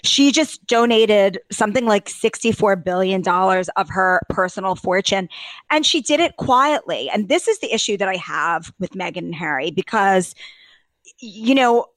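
A woman co-hosting a casual celebrity gossip podcast, talking with exaggerated, animated outrage. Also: moderate pace, no echo, low-quality recording. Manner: animated, exaggerated outrage, leaps to high pitch. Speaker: podcast co-host.

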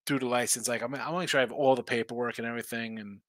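A man's voice: medium pitch, steady tone, rapid-fire, a bit bright, dry recording. A man hosting a sports betting live stream, tired and yawning, rambling through picks and reading viewer chat aloud. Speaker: sports betting show host.

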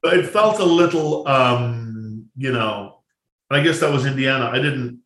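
A man's voice: medium pitch, expressive, measured pace, fairly bright tone. Rambling male director, roomy sound. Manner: rambling, many restarts and asides, laughs at own jokes. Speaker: film director guest. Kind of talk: casual anecdote-telling.

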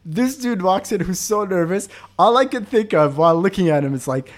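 Male podcast co-host, high-pitched, casual storyteller, mimics others' voices. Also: brisk. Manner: animated, laughing, acts out other people's lines.

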